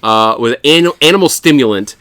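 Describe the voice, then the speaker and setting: A man's voice: medium pitch, animated, moderate pace, fairly bright tone, no echo. A man co-hosting a casual film review podcast, swearing freely and laughing as he recaps scenes. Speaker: podcast co-host.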